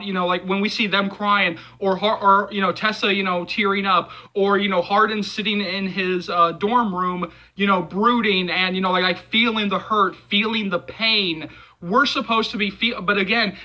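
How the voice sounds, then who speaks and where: Fired-up guy ranting about a movie scene, high bright voice, keeps repeating himself. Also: rough recording. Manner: passionate, repetitive, many fillers. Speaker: movie channel host. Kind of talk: casual video commentary.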